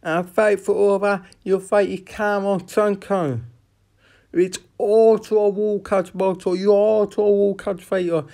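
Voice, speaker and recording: A man talks through an upcoming fight in a loose, rambling way, stopping often on fillers and dropping swear words. He speaks at an unhurried, drawn-out pace. His voice sounds mellow and dark. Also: high-pitched, flat delivery, vocal fry. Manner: rambling, profane, halting with many fillers. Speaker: boxing fan giving fight predictions. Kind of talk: casual rambling fight preview.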